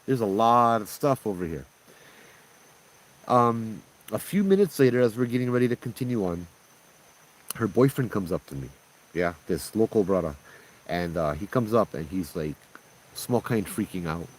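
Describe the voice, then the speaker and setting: A low-pitched man tells a ghost story in an easy, conversational way. He speaks as a tour guide and often checks in with "right?" and "you know?". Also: lively intonation, normal speed, darkish tone, rough recording. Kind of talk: casual spoken ghost story.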